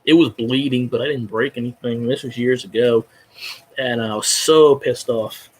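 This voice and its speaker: A man in his thirties from Louisiana, a fan podcast host ranting in casual chat, profane and excitable. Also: mid-range voice, moderate pace. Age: 30s.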